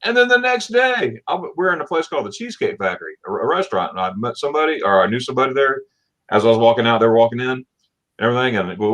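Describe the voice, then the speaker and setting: A middle-aged man from Florida hosting a casual livestream chat, telling animated stories and acting out what people said with laughs. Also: mid-range voice, very fast. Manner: animated storyteller, acts out quotes with laughs. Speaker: livestream host.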